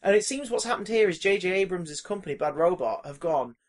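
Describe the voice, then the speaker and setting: A man co-hosting a casual film podcast, animated and profane, acting out reactions with loud exclamations. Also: high voice, a little fast, few pauses. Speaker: podcast co-host.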